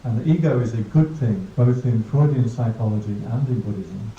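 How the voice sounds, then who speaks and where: Dark-voiced monk giving a joking talk. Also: male voice, mid-range voice, moderate pace, a little hiss or hum. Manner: humorous, anecdotal, laughs at own jokes. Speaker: Buddhist monk teaching mindfulness. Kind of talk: casual dharma talk to a class. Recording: dull distant roomy recording.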